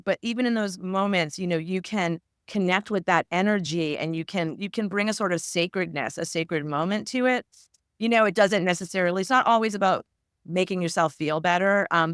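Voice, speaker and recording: A woman's voice: lowish voice, a bit bright, clean tone, no echo, studio quality. A woman guest, an author and tarot reader, talking earnestly and reflectively in a casual interview, with frequent fillers.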